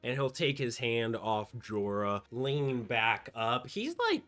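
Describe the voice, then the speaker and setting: A man's voice: mid-range voice, very animated, takes it slowly, a bit bright, faint music behind. A man narrating as game master, describing scenes in a playful, descriptive way.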